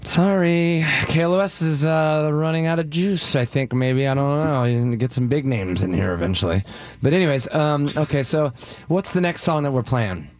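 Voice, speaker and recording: A man's voice: fairly high pitch, moderate pace, darkish tone. Rambling, jokey man hosting radio. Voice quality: rambling, self-deprecating and jokey. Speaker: guest radio host. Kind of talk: casual radio banter. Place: radio studio. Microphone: studio microphone.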